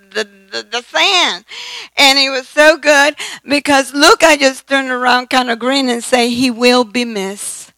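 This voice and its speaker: An older woman preaching a sermon, telling stories slowly and repeating phrases for emphasis. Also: fairly high pitch, gravelly, pushed and bright, no room sound, low-quality recording.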